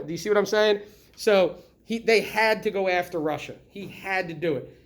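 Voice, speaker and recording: A middle-aged man teaching a history lesson in a classroom, lively and constantly checking in with the students by asking questions. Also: high-pitched, normal speed. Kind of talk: classroom lecture.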